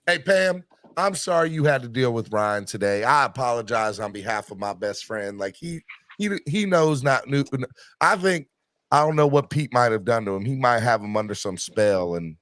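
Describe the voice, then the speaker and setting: A man's voice: mid-range voice, expressive, normal speed, a bit bright, no room sound, studio quality. A man hosting a casual sports call-in podcast, loose and joking with callers. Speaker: podcast host.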